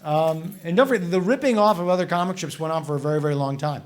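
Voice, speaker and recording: Casting: man with a slightly high voice, animated and chatty, answering audience questions at a library talk. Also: fast talker, slight background noise. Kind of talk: casual public talk. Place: library event room with audience.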